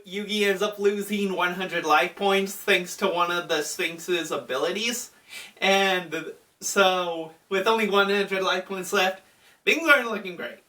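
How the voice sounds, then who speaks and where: A man's voice: high voice, pushed and bright, far from the mic. A man casually recapping an anime movie, chatty with fillers like "uh" and "like". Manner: chatty, with frequent fillers and laughs. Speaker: anime commentator.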